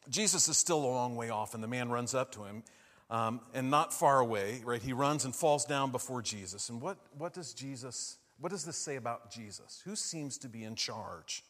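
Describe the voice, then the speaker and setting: A man preaching a sermon, asking his listeners questions and moving between hushed and loud, emphatic lines. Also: mid-range voice, normal speed, big-room sound.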